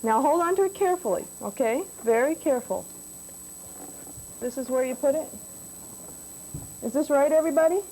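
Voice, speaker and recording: A woman giving a music lesson to young children in a classroom, patient and gentle, asking them questions. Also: high-pitched, normal speed, pauses often, a little hiss or hum, rough recording. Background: banjo playing.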